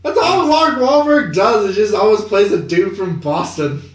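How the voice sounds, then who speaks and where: Animated, swearing man in an echoey room. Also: high voice, moderate pace. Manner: swearing, animated, many "like" fillers. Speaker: podcast co-host. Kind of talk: casual chat about movie news.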